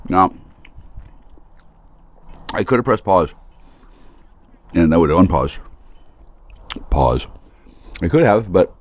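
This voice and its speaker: A man's voice: low voice, expressive, slow, pauses often, no room sound. A man hosting a solo talk stream, rambling in a crude, sardonic way. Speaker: host.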